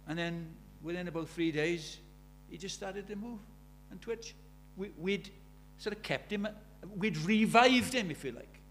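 A man's voice: high voice, a little slow, few pauses, fairly bright tone, a little hiss or hum. Man preaching a conversational sermon. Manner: conversational storytelling, rising to urgent emphasis.

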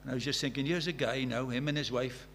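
A man's voice: mid-range voice, fairly even intonation, fast, fairly bright tone, slight background noise. Man in his sixties preaching earnestly. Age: 60s. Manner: earnest, rising to fervent emphasis, storytelling asides. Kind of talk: sermon.

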